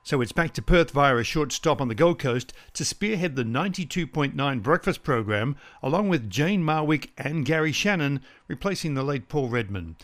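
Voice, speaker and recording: A male host with a fairly high voice reads a scripted link in an even, read-out manner. He sets up his guest's next story. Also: moderate pace, few pauses. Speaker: podcast host. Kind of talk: scripted narration.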